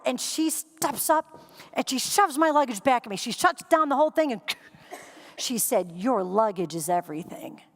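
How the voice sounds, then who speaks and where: High-voiced woman telling a comic keynote story. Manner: animated, acts out scenes and quotes. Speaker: keynote speaker. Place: conference stage before a live audience.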